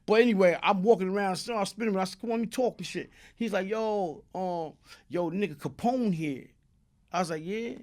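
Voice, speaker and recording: A man's voice: high voice, brisk, a little mellow. A man from Brooklyn with a New York accent, telling a long, profane, streetwise story as an interview guest. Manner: streetwise, profane, tag questions like "you heard?". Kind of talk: casual storytelling.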